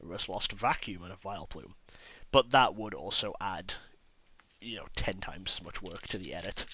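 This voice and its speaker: A man with a low, hoarse voice, audibly sick, talks his way through a stack of card packs. His tone stays bright and edgy despite the illness, and he names each card in a loose, chatty commentary. He keeps joking about how rough his own voice sounds. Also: moderate pace, slight background noise. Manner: chatty, self-mocking, listing cards as he goes. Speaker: card-opening channel host. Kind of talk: casual pack-opening commentary.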